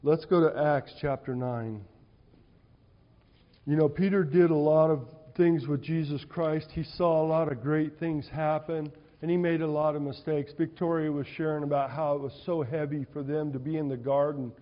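A male preacher with a fairly high voice delivers a conversational, animated sermon, telling stories in casual plain speech. His voice rings with a long reverb in the church hall, and the sound is somewhat dull. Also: moderate pace.

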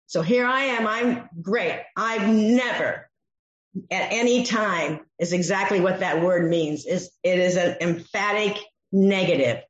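A woman's voice: medium pitch, unhurried. A woman preaching a sermon, teaching from a Bible passage and acting out the voices she quotes. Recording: echoey dull room sound.

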